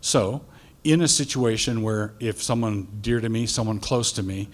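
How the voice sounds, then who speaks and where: A middle-aged male pastor giving a deliberate, halting answer in a debate. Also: fairly low pitch.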